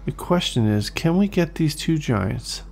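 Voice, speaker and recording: A man giving excitable, swearing gameplay commentary as host, talking to enemies as he plays. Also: on the high side, unhurried, creaky, faint music behind. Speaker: let's play host.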